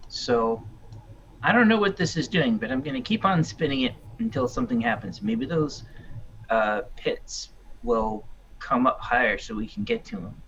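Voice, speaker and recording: A man playing a tabletop game, talking in a lively way. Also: mid-range voice, normal speed, vocal fry. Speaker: player. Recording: dull lo-fi mic with faint noise.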